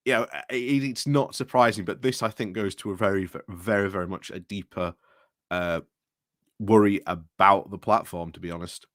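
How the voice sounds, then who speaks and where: A man's voice: lowish voice, normal speed, fairly bright tone, no room sound. Rambling British man, dry close sound. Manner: rambling, with restarts and asides to chat. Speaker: livestream host. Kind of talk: casual livestream commentary. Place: indoors at home.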